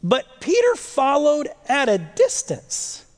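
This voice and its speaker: A male preacher with a high, very lively voice that swoops up and down as he reads scripture and questions his listeners. His words ring out with a long echo, as in a large hall. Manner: animated, rhetorical questions, dramatic slow readings. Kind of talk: sermon reading and explaining scripture.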